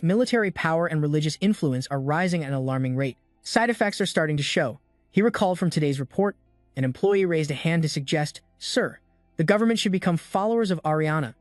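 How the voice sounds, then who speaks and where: A man reading a scripted story recap in a steady, even narrating manner. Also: fairly high pitch, no room sound, studio quality.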